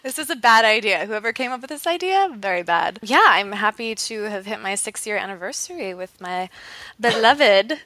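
A woman's voice: medium pitch, animated, moderate pace, bright, forceful tone, no room sound. A woman co-hosting a podcast who chats casually, laughing and poking fun at herself. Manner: laughing, self-deprecating. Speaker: podcast co-host.

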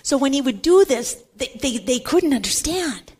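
High-voiced woman teaching scripture emphatically. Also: sing-song, normal speed, a little mellow. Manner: emphatic, repeats words for stress. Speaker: Catholic Bible teacher.

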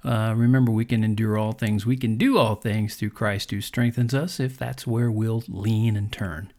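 A man's voice: fairly low pitch, steady tone, normal speed, a little mellow. Earnest man hosting a faith podcast. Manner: earnest, conversational preaching with fillers. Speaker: podcast host. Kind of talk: devotional podcast monologue.

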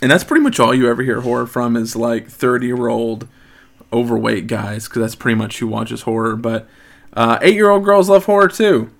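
A man's voice: medium pitch, moderate pace, vocal fry. A man in his late thirties hosting a casual podcast chat, joking and rambling with frequent ums. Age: 30s. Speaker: podcast host.

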